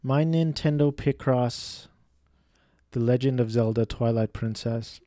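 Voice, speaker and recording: A young man rambles through a list of video games, unhurried and easygoing, with a mellow, darkish tone. He stumbles and restarts often and pokes fun at himself. The sound is dry and close, with no room around it. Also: medium pitch, no echo. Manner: rambling, self-deprecating, many fillers and restarts. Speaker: video game vlogger. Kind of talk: casual monologue listing games.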